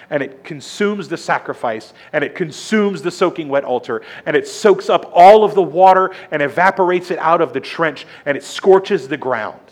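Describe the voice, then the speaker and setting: A man preaching a sermon, retelling scripture with lively, emphatic storytelling. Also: on the high side.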